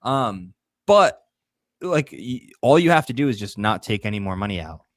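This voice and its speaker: Animated, laughing male co-host on a dry mic. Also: on the low side, moderate pace, no room sound. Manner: laughs often, animated opinions. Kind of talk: casual political chat show.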